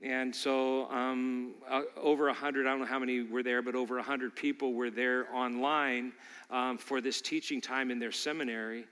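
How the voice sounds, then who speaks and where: A man's voice: mid-range voice, flat delivery, normal speed, fairly bright tone, clear, resonant tone, in a large hall. A male pastor preaching a sermon, emphatic and fond of repeating key lines for emphasis.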